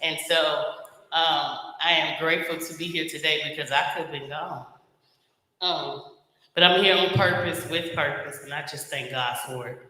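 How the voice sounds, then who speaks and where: Guy giving a heartfelt testimony, sharp bright voice, pretty high for a man, echoey church hall. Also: fairly even intonation, normal speed. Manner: earnest, reflective, laughs now and then. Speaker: invited speaker. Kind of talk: spiritual testimony. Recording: echoey hall with long reverb.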